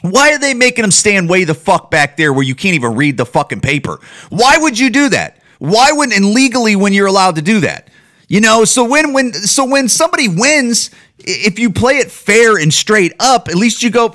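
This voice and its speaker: A man's voice: high voice, big pitch swings, normal speed, pushed and bright. Heated, profane male comedian ranting. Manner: repeats and restarts often. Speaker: podcast host and comedian. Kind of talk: casual ranting monologue.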